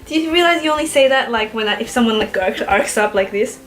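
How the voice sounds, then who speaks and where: High, lively woman teasing playfully. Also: fast talker, faint music behind. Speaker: girlfriend, guest. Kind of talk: casual chat.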